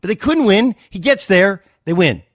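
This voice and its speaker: A man's voice: high-pitched, expressive, moderate pace, no echo, clean studio sound. A man arguing hard in an on-air sports debate, emphatic and insistent. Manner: emphatic, insistent, repeats "okay?". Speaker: sports radio host.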